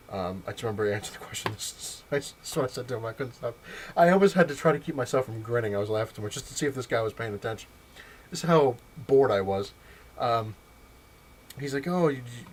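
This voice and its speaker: A man's voice: fairly low pitch, slight background noise. Rambling man telling a funny story. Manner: rambling, laughs at his own jokes. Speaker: vlog host. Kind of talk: casual storytelling vlog.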